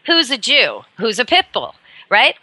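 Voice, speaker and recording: Bright chatty radio host woman. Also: on the high side, measured pace, no room sound. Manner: chatty, jokey, animated. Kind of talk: casual radio chat.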